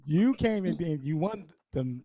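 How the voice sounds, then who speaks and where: A man hosting a casual interview over a video call, asking eager questions and reacting quickly to his guest. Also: a little high, lively intonation, heavy background noise. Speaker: podcast host.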